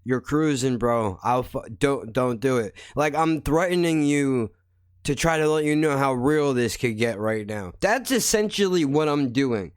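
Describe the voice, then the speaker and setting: A man's voice: medium pitch, expressive, unhurried, smooth, dry recording. Podcast host, male, heated profane rant, close dry mic. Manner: blunt, heated, swears constantly. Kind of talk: angry profane monologue.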